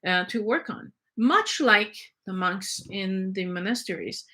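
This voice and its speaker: A woman with a bright voice delivers an informal spoken lecture. She talks in a thoughtful, meandering way, with fillers and frequent self-corrections. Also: mid-range voice, unhurried. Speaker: spiritual teacher.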